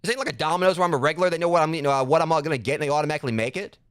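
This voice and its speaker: A man streaming a video game, giving sarcastic commentary and jumping high in pitch when exasperated. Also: racing, smooth, no echo, studio quality. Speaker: gaming streamer. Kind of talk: live gameplay commentary.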